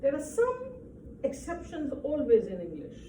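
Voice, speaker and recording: This teacher's high-pitched, warm voice swoops wildly in pitch as she speaks at a moderate pace. She patiently explains an English grammar lesson, checking often with "right?", in a faintly noisy, echoey room recorded from afar.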